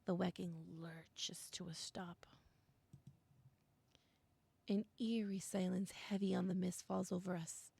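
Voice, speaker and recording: Excitable young woman with gravelly fry. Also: on the low side, takes it slowly, long pauses, no echo. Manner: excitable, gasps and squeals at scary moments, mixes in Spanish. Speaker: streamer playing a visual novel. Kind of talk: reading game text aloud with reactions and chat.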